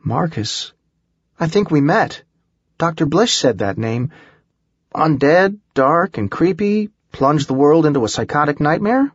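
A man's voice: a little high, animated, measured pace, slightly rough, dry recording, highs cut off, voice pushed up. Guy voicing a tough young survivor woman, sarcastic and blunt, raised voice, storybook read. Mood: excited. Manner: blunt, wisecracking.

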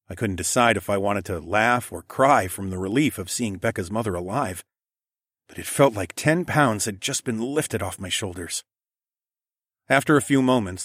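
A man narrating a first-person audiobook in a steady, measured way. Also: fairly low pitch, breathy edge, dry recording, clean studio sound.

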